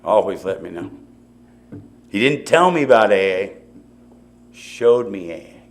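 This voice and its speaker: At a recovery meeting in a meeting hall, a middle-aged man with a lowish, expressive voice tells his story unhurriedly. His delivery is loose and conversational, dotted with asides and repeated "you know"s for the audience.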